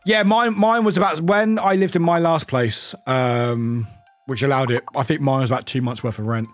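A man's voice: medium pitch, steady tone, normal speed, soft background music. A man streaming a game and chatting casually with his viewers, rambling along, laughing often and swearing freely. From United Kingdom. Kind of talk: casual chat with viewers while gaming.

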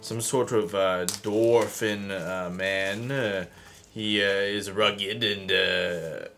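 Slow, low-voiced man at a game table. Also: steady tone, gravelly, a bit bright, slight background noise. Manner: slow, hesitant, lots of uh. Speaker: player on a game stream. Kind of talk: casual chat at the game table.

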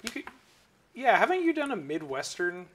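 A woman playing a card game on stream, chatting casually in an easygoing way and quick to react. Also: mid-range voice, sing-song.

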